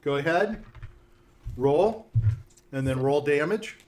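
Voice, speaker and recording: A man's voice: fairly high pitch, lively intonation, slow, crowd noise. A man narrating as game master of a tabletop game, laughing as he goes.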